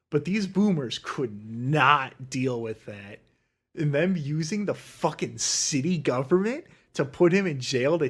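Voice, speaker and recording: A man's voice: medium pitch, a bit bright, slightly rough. A young man hosting a solo podcast livestream, ranting in a heated, profane way and mocking people with sarcastic quoted voices. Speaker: podcast host.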